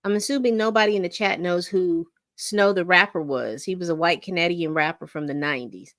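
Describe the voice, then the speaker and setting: A woman's voice: lowish voice, fairly quick, a bit bright, no room sound, clean studio sound. A middle-aged woman hosting a casual livestream, rambling and reading chat comments aloud. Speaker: livestream host.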